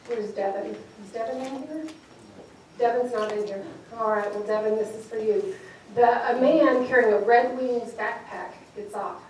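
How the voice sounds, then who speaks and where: High-voiced woman speaker in an echoey hall. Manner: playful, engages the audience with questions. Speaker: professional speaker. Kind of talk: motivational talk to a live audience. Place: large event hall. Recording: echoey hall, distant mic, noisy.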